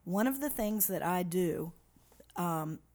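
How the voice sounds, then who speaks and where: A woman's voice: lowish voice, expressive, slow, warm tone. A woman who leads a women's ministry, talking in an upbeat, encouraging and lightly teasing way in a casual chat.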